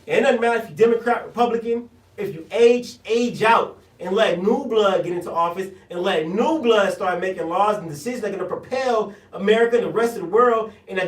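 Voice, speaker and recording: A man's voice: sits high, fairly bright tone, echoey room, recorded from a distance, poor audio. A man from South Central Los Angeles with a Los Angeles accent, hosting a radio show and ranting bluntly in slang. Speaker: radio show host, political candidate. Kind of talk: animated monologue.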